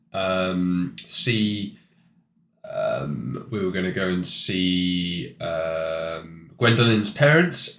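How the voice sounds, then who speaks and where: A man's voice: low voice, fairly bright tone, echoey room. A man casually recapping a tabletop game session, with many ums and restarts. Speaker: player.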